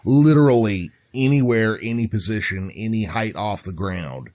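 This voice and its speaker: Wry, low-voiced man. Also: moderate pace, a little mellow. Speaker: podcast co-host. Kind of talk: casual chat.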